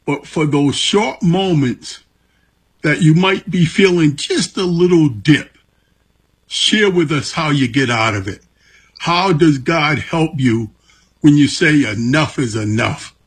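Slow, very raspy man. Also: on the high side. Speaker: host. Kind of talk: interview questions.

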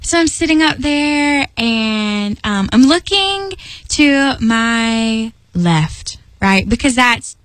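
A woman telling a personal faith story in a lively, chatty way, often laughing and acting out what she said. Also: a little high, takes it slowly, dry recording, poor audio. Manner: lively, chatty, laughs often, acts out her own lines. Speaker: storyteller sharing a faith testimony.

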